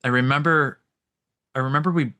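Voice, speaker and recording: A man in his forties hosting a veterans' interview, halting and searching for words as he asks questions. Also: medium pitch, fairly even intonation, sharp tone, no room sound. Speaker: podcast host, veteran. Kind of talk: casual interview.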